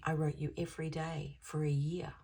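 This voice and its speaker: A man's voice: on the high side, level tone, moderate pace, gravelly, warm tone, slightly rough. A woman doing an earnest young man in a retold love story. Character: young man who wrote daily, earnest.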